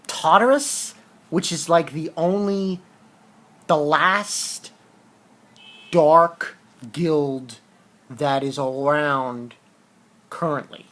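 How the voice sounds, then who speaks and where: A man's voice: on the high side, fairly bright tone. Rambling man with a stuffy nose. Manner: rambling, hesitant, with frequent restarts and fillers. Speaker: manga reviewer. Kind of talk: casual chapter review.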